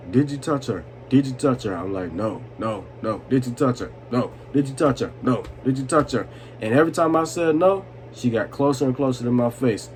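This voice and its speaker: A young man, a few vodkas in, tells a rambling vlog story full of swearing and laughter. His voice sits at an ordinary middle pitch. A faint hiss of noise runs underneath. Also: a little mellow. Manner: loose, swearing, laughing, asks "you know what I'm saying". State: tipsy from vodka. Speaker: vlogger telling a story. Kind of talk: drunk storytime, casual and profane.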